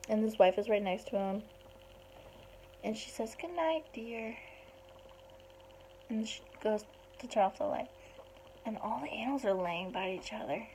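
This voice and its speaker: A woman retelling a picture book story aloud in a chatty, animated way. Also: medium pitch, normal speed, long pauses, a little hiss or hum, rough recording. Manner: chatty, animated, puts on small voices for the animals.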